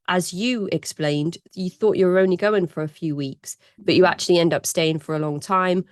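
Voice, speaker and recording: A woman hosting a podcast interview, summarizing the guest's story in a measured way. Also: lowish voice, a little mellow, no room sound, clean studio sound. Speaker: podcast host.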